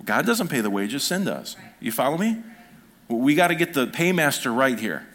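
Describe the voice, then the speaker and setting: A man in his thirties, a pastor preaching a sermon through personal stories, acting out the quoted voices with sudden jumps in pitch. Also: very animated, normal speed, fairly bright tone. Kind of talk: storytelling sermon.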